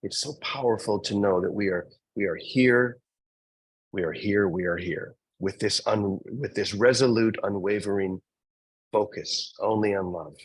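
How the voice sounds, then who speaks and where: A man hosting a spiritual community session, calling on members gently and laughing often. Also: fairly low pitch, measured pace, husky, dry recording, poor audio. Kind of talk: casual warm group chat.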